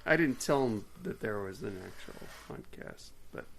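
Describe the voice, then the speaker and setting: A man's voice: lowish voice, animated, normal speed, gravelly, fairly bright tone, slight background noise. A man in his forties co-hosting a podcast, chatting casually and rambling with lots of ums and laughter. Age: 40s. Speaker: podcast co-host. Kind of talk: casual chat.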